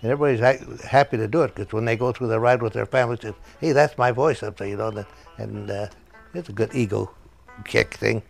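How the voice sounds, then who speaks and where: Older guy telling old stories, gravelly, stops and restarts a lot. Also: fairly low pitch, fairly even intonation, soft background music. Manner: halting, many restarts and chuckles. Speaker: interviewee, former ride writer. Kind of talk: interview recollection.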